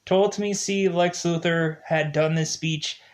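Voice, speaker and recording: A man giving a casual spoken movie review, rambling and animated, with lots of filler words. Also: fairly high pitch, normal speed. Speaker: film reviewer.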